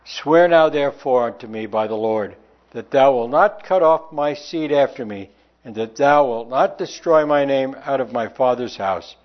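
A man's voice: medium pitch, expressive, normal speed. A man preaching a sermon, reading scripture aloud and pressing the listeners with rhetorical questions. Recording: dull lo-fi sound.

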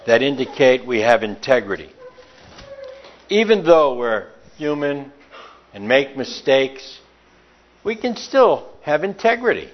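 Guy preaching a sermon, voice jumps up and down a lot, kinda muffled lo-fi recording. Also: mid-range voice. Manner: lively, emphatic, asks the listeners questions.

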